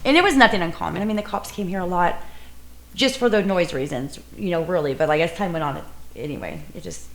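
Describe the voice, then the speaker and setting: A woman's voice: fairly low pitch, expressive, quick pace. A woman who co-runs a music venue telling a story in a casual interview, rambling with fillers and self-corrections.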